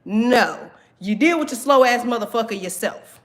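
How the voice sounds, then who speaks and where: A brash female spirit guide, put on by a woman who has no time for small troubles. She swears freely and talks dismissively, in a fairly high voice. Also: expressive, normal speed, close to an everyday voice. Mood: exasperated.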